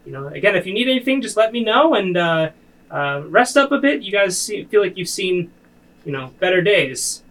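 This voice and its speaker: A man's voice: high voice, big pitch swings, normal speed, a bit bright, voice pushed up, rough recording. A man voicing a timid male village advisor who halts often with ums and uhs. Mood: eager, fumbling. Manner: hesitant, full of ums and uhs.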